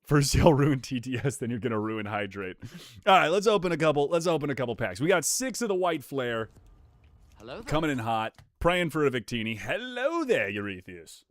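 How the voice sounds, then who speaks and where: A young man live-streaming, chatting casually with his viewers while opening trading card packs. He is excitable and animated, swears casually and reads the chat aloud. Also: medium pitch, brisk, dry recording, clean studio sound.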